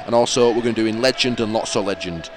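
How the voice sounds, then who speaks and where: A man's voice: on the low side, fast. A man co-hosting a casual football podcast, laughing and arguing playfully. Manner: laughing, bantering, argumentative. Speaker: podcast co-host. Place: outdoors at a football stadium. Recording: noisy outdoor stadium recording.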